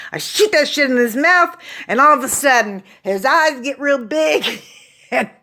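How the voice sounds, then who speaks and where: A woman performing a stand-up comedy routine, telling a story with profane, deadpan asides. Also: sits high, measured pace.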